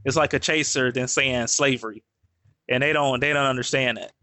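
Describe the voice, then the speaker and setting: A man's voice: mid-range voice, fairly even intonation, normal speed, bright, forceful tone, dry recording. A man hosting a podcast, talking in a blunt, questioning way and often repeating himself. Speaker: podcast host. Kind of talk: casual podcast conversation.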